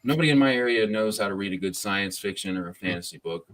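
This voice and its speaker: A man's voice: lowish voice, fast talker, fairly bright tone. A man from the United States hosting a casual livestream chat about books, laid-back, laughing often and swearing freely. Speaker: podcast host.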